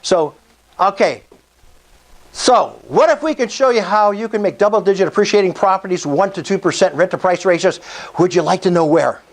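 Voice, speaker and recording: His voice sits high and sounds animated at a normal speed as this man in his sixties addresses a real estate investor meetup. He delivers a fervent, preacher-style motivational talk and calls out to the crowd for replies.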